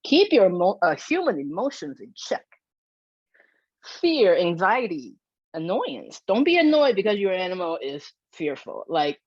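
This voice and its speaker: Brief: woman behavior consultant, animated explainer, dull and dry video-call sound. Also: fairly low pitch, dry recording. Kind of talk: educational webinar talk.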